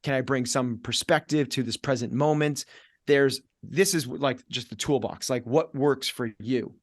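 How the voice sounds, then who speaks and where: Energetic middle-aged coach, dry close sound. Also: male voice, mid-range voice, measured pace, no room sound. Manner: energetic, acts out inner voices in quoted asides; repetitive, punchy coaching delivery. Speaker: fitness coach, podcast guest. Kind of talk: podcast conversation.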